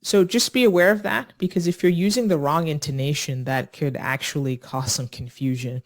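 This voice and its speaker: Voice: medium pitch, fairly even intonation, fairly quick. An English teacher explaining conversation to language learners, acting out short example lines. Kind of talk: ESL lesson explaining dialogues.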